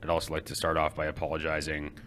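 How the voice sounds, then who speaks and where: A man with a very low voice, nasal and congested from a cold, co-hosts a podcast in casual chat. He jokes easily at his own expense. A faint hiss sits behind him. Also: monotone, quick pace, fairly bright tone. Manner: easygoing, joking, self-deprecating. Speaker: podcast co-host.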